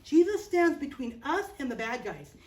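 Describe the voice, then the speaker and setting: High-voiced woman telling a Bible story. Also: normal speed. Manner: lively, playful, expressive. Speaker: children's Bible teacher. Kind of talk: animated Bible storytelling for children. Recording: roomy, distant mic.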